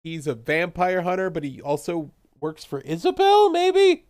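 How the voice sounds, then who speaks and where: Young guy recapping a tv episode, laughs a lot, does goofy character voices, kinda high voice, dry close sound. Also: moderate pace, dry recording. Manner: animated, laughs often, acts out characters in quoted voices. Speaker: podcast co-host recapping a TV episode. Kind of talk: casual chat.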